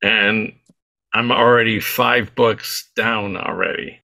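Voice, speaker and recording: A man asking questions on a casual group call, halting and hesitant with many restarts. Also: lowish voice, flat delivery, creaky, bright, forceful tone.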